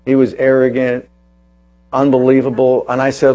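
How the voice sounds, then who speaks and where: A man preaching a sermon as pastor, telling a personal story and then slowing down to press his points with emphasis. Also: medium pitch, completely flat delivery, warm tone.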